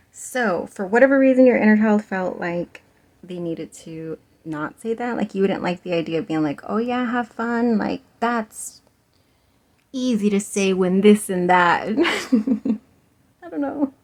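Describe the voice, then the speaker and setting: A woman's voice: mid-range voice, darkish tone. A young woman giving a casual pick-a-card tarot reading, chatty and giggly with many fillers and laughs. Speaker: tarot reader.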